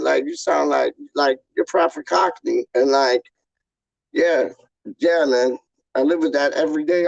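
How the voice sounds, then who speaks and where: Slangy man a gravelly voice. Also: a little high, no room sound, dull audio. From London, England. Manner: slangy, repeats "dog" and "man" at line ends; rambling, animated. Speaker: YouTube channel host. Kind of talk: casual live chat with viewers.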